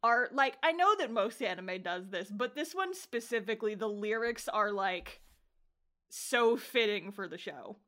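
Bright, lively woman recapping an anime. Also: medium pitch, a little slow. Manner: laughs often, swears, acts out character lines. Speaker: podcast co-host. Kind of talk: casual chat recapping an anime.

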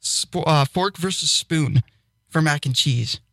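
A fairly high-voiced young man telling stories with excitable energy and frequent laughter. He is recorded on a dry, close mic with no room sound, with the easy patter of a radio DJ. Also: slow pace, gravelly, no room sound. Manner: excitable storyteller, laughs often. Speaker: podcast co-host and radio DJ. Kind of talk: casual chat.

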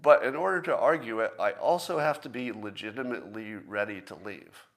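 A man's voice: lowish voice, a little fast. A man hosting a podcast, giving a casual solo monologue in a plain-spoken, self-assured way and often asking rhetorical questions. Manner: conversational, persuasive, fond of rhetorical questions. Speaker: podcast host.

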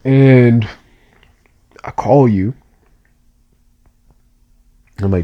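A man's voice: mid-range voice, normal speed, darkish tone, lo-fi sound, slight background noise. Man, podcast co-host; earnest, emotional storyteller, casual slangy delivery. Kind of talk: heartfelt personal storytelling.

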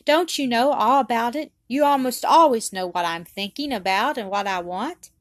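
A woman's voice: a little high, moderate pace, a bit bright, no room sound, clean studio sound, lightly acted. A woman reading aloud voices a dutiful little girl who speaks earnestly and politely. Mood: tender pleading.

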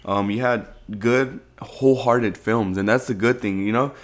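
A man in casual conversation, relaxed and easygoing as he reels off items one after another. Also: mid-range voice, normal speed. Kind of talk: casual chat.

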